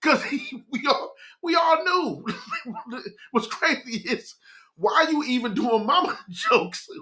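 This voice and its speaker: Young male host, keeps breaking into laughter, animated delivery. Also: extremely high pitch, takes it slowly. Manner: laughing hard, breaking into giggles between words. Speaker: morning show host. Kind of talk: casual chat with live viewers.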